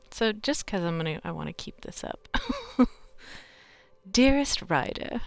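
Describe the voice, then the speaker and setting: A woman's voice: mid-range voice, lively intonation, very slow, gravelly, pauses often, no room sound. A woman streaming a video game, chatting casually and reading in-game messages aloud. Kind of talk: casual gameplay commentary.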